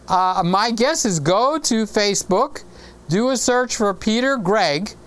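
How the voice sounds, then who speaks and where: Chatty man in his sixties, smooth voice. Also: sits high, fairly bright tone. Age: 60s. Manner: rambling, chatty, reads viewer comments aloud. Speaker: live stream host. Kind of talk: casual live stream chat.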